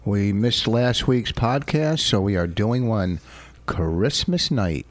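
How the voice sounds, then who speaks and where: A man's voice: lowish voice, expressive, takes it slowly, no room sound. A man co-hosting a podcast, chatting casually and teasing his co-host with playful banter. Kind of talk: casual chat.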